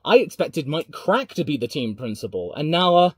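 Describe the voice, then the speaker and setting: Guy streaming, gets super worked up then mumbles, fairly high lively voice, dry sound. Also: normal speed, breathy edge, no room sound. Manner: excitable, swings from mumbled asides to loud outbursts; chatty, reads comments aloud. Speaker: streamer reacting to motorsport news. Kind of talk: live-stream reaction chat.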